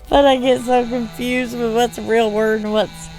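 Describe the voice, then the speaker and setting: A woman with a fairly high, slightly mellow voice and fairly even intonation talks slowly over soft background music. She's a gaming channel host with a Southern US accent, raised in the South after a Michigan childhood, rambling casually over gameplay and laughing between words.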